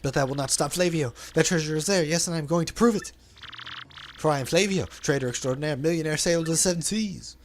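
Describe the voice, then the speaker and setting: A man's voice: a little high, fast, slight background noise, voice pushed up, close to an everyday voice. A man voicing a flamboyant, pompous male trader and sailor in a video game dub, with grandiose, overly formal phrasing. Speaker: let's play dubber.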